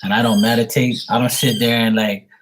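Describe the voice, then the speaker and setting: A man's voice: mid-range voice, flat delivery, brisk, slight background noise. A man who reads tarot on a live stream, ranting bluntly and profanely to his viewers. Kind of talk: casual rant to viewers.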